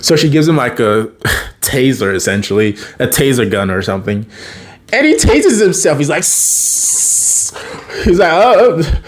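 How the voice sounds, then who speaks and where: A man's voice: mid-range voice, sing-song, moderate pace. A man casually retelling a TV episode, chatty, laughing often and acting out the characters' lines. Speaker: TV episode recapper.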